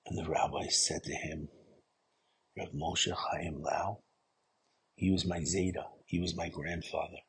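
A man giving an earnest storytelling sermon, often dropping to a hushed voice at the emotional moments. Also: sits low, fairly even intonation, a little slow, vocal fry, pauses often, a little hiss or hum, rough recording.

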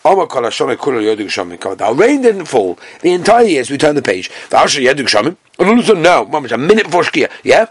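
A man teaching a Talmud class with Yeshivish Ashkenazi Hebrew pronunciation, reading the text and telling the story with animated storytelling. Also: fairly quick, hardly any pauses, breathy edge, dry recording. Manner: animated storytelling, acting out characters with big jumps in pitch.

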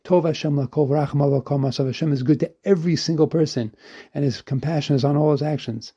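A rabbi teaching a weekly Torah lesson in a dark, husky voice. He talks earnestly, trips over his words and restarts, and reads Hebrew quotes before explaining them in English. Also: fairly high pitch, fast.

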